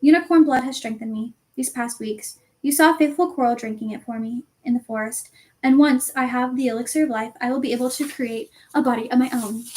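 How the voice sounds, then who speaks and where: Voldemort, a woman voicing a hissing dark wizard. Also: on the high side, brisk, lightly acted. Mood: menacing. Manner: snarling, hissing threats. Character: cruel dark male wizard, menacing.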